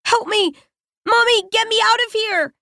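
A terrified young girl trapped in the dark cries and pleads in a high, panicky voice, as a woman narrator puts her on. The audio drama sound is dry and close, with no room echo. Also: moderate pace, full character voice. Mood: panicked.

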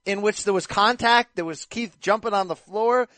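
A man hosting a casual boxing podcast, talking with energetic, playful banter. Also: high voice, normal speed, dry recording. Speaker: podcast host.

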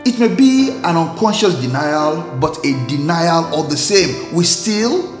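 An earnest male preacher delivers a devotional sermon in a slightly high voice at a very slow, deliberate pace. His measured preaching rings in an echoey room, with soft music underneath. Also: lively intonation. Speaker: host and preacher.

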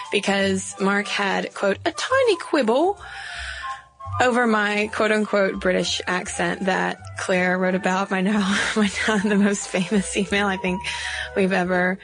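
A woman's voice: medium pitch, level tone, normal speed, a bit bright, soft background music. A woman co-hosting a podcast, earnest and playful in casual chat. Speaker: podcast co-host.

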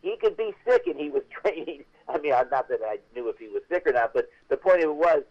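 A man's voice: a little high, quick pace. Older man telling stories over a dull line. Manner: chatty, animated storyteller with frequent restarts. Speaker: guest actor. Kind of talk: interview storytelling.

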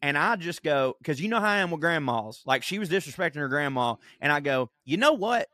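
A man co-hosting a podcast, telling profane, animated stories in casual chat and acting out the quotes. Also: on the high side, fast, no echo, clean studio sound. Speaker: podcast co-host.

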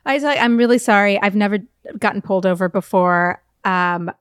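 A woman's voice: mid-range voice, a little fast, clear, resonant tone, dry recording, studio quality. A woman podcast co-host telling a story in casual chat, acting out the voices and laughing often.

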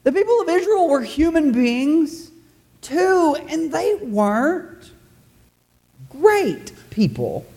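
A pastor with a very high-pitched, mellow voice whose pitch swoops wildly preaches slowly in a church. His sermon is loose and conversational, full of jokes and addressed straight to the congregation.

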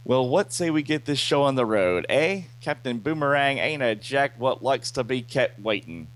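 A man's voice: medium pitch, lively intonation, normal speed, a bit bright, voice pushed up, lightly acted. A man voicing a brash, chatty male crook in a clumsy put-on Australian accent. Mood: cocky.

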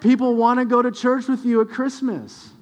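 A young adult man, a pastor, preaching a sermon with animated storytelling and quiet, earnest stretches. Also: extremely high pitch, moderate pace.

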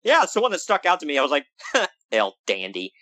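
This fast-talking man is captured in a low-quality recording with no room ambience. In an easygoing podcast, he and a co-host go over wrestling, and he stays jokey and lively with sharp pitch swings.

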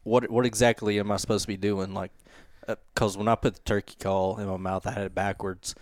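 A man's voice: lowish voice, level tone, a little fast, dry recording. A man who is a guest on a podcast, speaking hesitantly with many fillers in casual chat.

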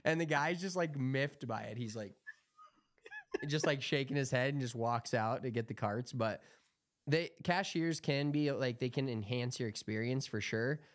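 A man's voice: mid-range voice, moderate pace, dry recording, studio quality. Profane, rambling man on a podcast. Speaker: podcast co-host. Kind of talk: casual chat.

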